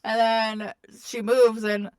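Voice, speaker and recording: A woman's voice: on the high side, level tone, takes it slowly, a little mellow, no echo. A woman co-hosting a casual podcast, recapping a book in a chatty, profane way, laughing often and acting out the characters' lines. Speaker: podcast co-host.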